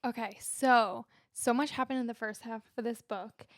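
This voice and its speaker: A woman co-hosting a relaxed book podcast in a bright, slightly high voice. Her sound is close and dry with no room around it. She talks easily and laughs often while she sums up the story. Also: normal speed, no echo. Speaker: podcast co-host. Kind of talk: casual chat.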